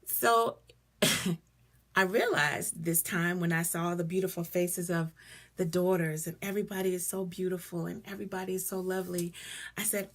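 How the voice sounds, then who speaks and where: Middle-aged woman, host of a live talk; low gravelly voice, expressive and chatty. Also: normal speed. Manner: expressive, conversational, greets viewers mid-sentence. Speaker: speaker on a live stream. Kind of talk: personal talk to live viewers.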